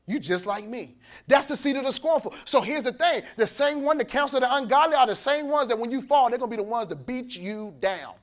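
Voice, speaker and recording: Preaching at a men's conference, a pastor with a very high voice keeps a moderate pace. His sermon is animated and colloquial, and he acts out the voices he quotes, laughing between points.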